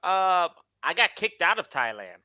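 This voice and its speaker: An American man and English teacher chatting over a video call, telling animated travel stories with frequent laughs. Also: high voice, a little slow, clear, resonant tone. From United States. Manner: animated storyteller, laughs often, acts out voices. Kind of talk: casual video-call conversation.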